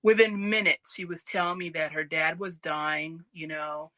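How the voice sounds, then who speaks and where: A woman co-hosting a casual podcast chat who tells animated stories and acts out the voices of people in them. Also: sits low, normal speed, no echo. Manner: animated, acts out quoted voices, laughs easily. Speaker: podcast co-host.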